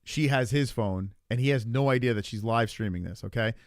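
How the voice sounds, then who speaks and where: A man's voice: medium pitch, fairly quick, very noisy. A man hosting a livestream, chatting casually and profanely as he reacts to clips. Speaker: stream host.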